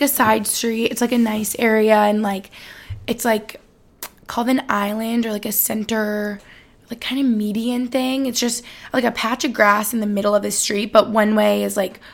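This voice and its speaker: A woman in her twenties hosting a casual solo podcast, chatting fast with lots of fillers and sounding a little out of breath. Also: medium pitch, vocal fry. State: slightly out of breath. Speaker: podcast host.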